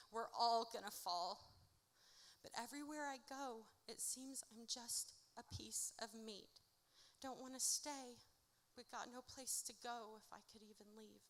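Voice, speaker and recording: Female poet, live stage reading, bright and ringing tone, rhythmic rhyming delivery, long hall reverb. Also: fairly high pitch. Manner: rhythmic rhyming delivery, swinging between loud and hushed. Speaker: poet performing her own work. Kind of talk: live spoken word performance. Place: theatre stage.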